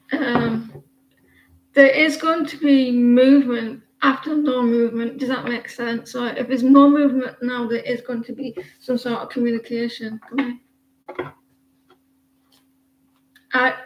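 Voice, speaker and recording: A woman's voice: fairly high pitch, muffled recording, a little hiss or hum. A woman giving a casual livestream tarot reading, rambling and chatty as she talks to viewers by name. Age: adult with a daughter. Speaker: tarot reader.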